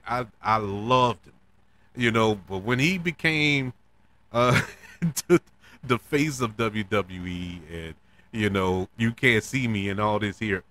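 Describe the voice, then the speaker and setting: A man hosting a podcast, talking casually and emotionally about wrestling, laughing now and then. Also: mid-range voice. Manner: animated, emotional, laughs between words. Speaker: podcast host. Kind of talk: casual wrestling recap monologue.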